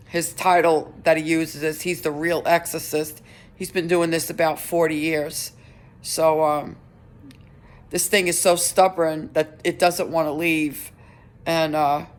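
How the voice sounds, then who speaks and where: Earnest, halting middle-aged woman. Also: sits low. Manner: halting and earnest, with many restarts. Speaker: vlogger. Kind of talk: personal update vlog.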